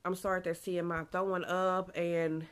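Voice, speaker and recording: A woman's voice: fairly low pitch, little pitch movement, normal speed, smooth. A young woman, chatting casually in a pregnancy vlog, a bit out of breath, laughing often. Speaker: vlogger.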